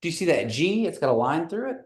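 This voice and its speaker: A man teaching an online language class over a video call, patiently repeating words slowly for learners. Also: on the high side, very animated.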